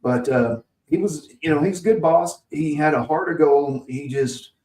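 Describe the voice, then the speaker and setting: In a laid-back podcast conversation, a Mississippi man tells a long, meandering work story, chuckling and restarting often. His fairly high, darkish voice moves at normal speed with hardly any pauses, recorded from a distance in a roomy room.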